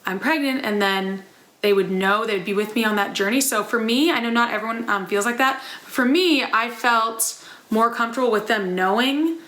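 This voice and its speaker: A woman's voice: a little high, moderate pace, bright, forceful tone. A young woman talking candidly to her channel in a casual personal vlog, often acting out what she said to herself. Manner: chatty and candid, with quoted self-talk. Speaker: vlogger. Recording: echoey room.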